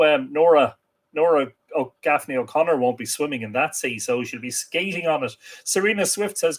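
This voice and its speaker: A man hosting a casual livestream, reading out viewer comments and greeting them in a chatty, welcoming way. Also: on the high side. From Ireland. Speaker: livestream host.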